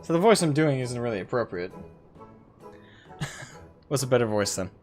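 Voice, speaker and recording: A man's voice: mid-range voice, expressive, normal speed, soft background music. Laughing man streaming a game. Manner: amused, laughing, swearing freely. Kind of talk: casual gameplay commentary.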